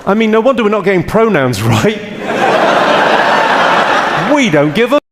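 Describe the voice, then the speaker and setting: A man doing stand-up comedy with an English accent, delivering deadpan quick comebacks to the audience. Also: sits high. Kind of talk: stand-up comedy with crowd work. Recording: live theatre, long reverb and loud noise.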